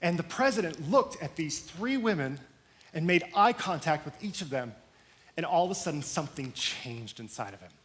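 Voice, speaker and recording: A male pastor preaching a sermon, retelling a story with expressive, dramatic emphasis. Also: a little high, moderate pace.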